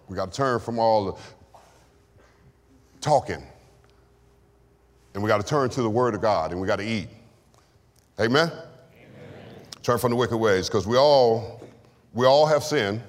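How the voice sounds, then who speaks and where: Deep-voiced man preaching in a reverberant hall. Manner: call-and-response preaching, testimony. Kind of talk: sermon.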